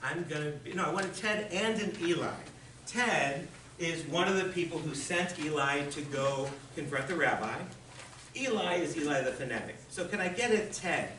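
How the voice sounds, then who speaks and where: Upbeat guy teaching a class, fairly high voice, roomy faint-noise recording. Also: expressive, moderate pace, pushed and bright. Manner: chatty, enthusiastic, with restarts and fillers. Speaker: lecturer. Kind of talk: lecture on literature. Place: lecture room with an audience. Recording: echoey room, distant mic, faint noise.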